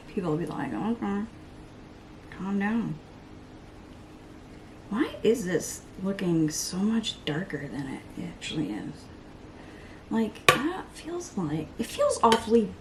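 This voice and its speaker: A woman's voice: mid-range voice, a little hiss or hum. Chatty woman rambling through her makeup. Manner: rambling, self-mocking, breaks into playful voices and laughs. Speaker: beauty vlogger. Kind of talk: chatty get-ready-with-me vlog.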